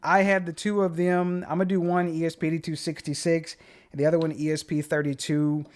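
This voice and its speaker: A man's voice: fairly high pitch, little pitch movement, a little fast, darkish tone. A man hosting a tech channel, chatting offhand through an unboxing and thinking aloud as he goes. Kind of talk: casual unboxing chat.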